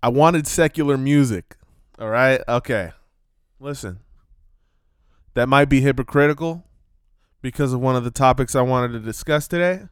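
A man giving casual, animated commentary, swearing and jumping between topics with loud outbursts. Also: medium pitch, moderate pace, long pauses, smooth, no echo, clean studio sound. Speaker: vlogger.

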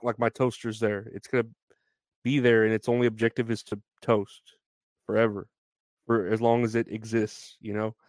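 Rambling laid-back man with smooth voice. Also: medium pitch, no room sound. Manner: rambling, loose, laughs often, lots of fillers. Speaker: podcast host. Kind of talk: casual solo podcast talk.

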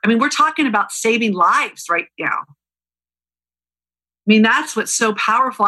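A woman's voice: medium pitch, pushed and bright, low-quality recording. A woman guest on a podcast, talking earnestly and repeating words for emphasis. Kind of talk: casual interview talk.

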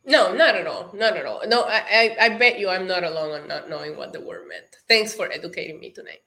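A woman's voice: on the low side, lively intonation, a little fast, vocal fry, sharp tone. A woman whose first language is not English, co-hosting a casual chat and giving earnest, emphatic opinions. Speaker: podcast co-host.

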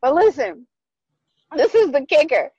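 A young adult woman co-hosting a podcast, telling a dating story in casual chat, animated and profane, acting out both sides. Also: high-pitched, measured pace, dry recording, muffled recording. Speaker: podcast co-host.

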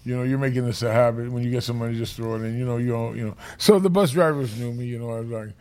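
A man, telling a rough street story in casual, profane podcast chat. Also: mid-range voice, racing, a little mellow.

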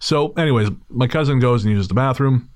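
A man's voice: mid-range voice, a little fast, dry recording, clean studio sound. A man hosting a podcast, telling a story in a casual, wry and digressive way, with frequent restarts. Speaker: podcast host.

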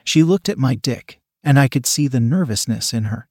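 A man reads a first-person story aloud in a quiet, even voice. His pitch sits in a plain middle range. The sound is close and completely dry. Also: normal speed, husky, no room sound. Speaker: narrator.

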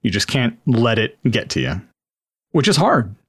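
A man's voice: mid-range voice, sing-song, normal speed, slightly rough, no room sound, clean studio sound. A man co-hosting a podcast, chatting casually and thoughtfully, swearing freely as he brainstorms a movie plot. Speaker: podcast co-host. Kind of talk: casual chat.

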